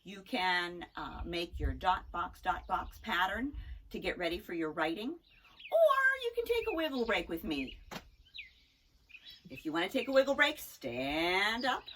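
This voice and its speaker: A woman leads a children's phonics lesson in a slow, sing-song, encouraging manner. Her voice is bright and forward, and she takes her time over each word. Faint birdsong sits in the background. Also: on the low side, very animated, a little hiss or hum. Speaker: teacher.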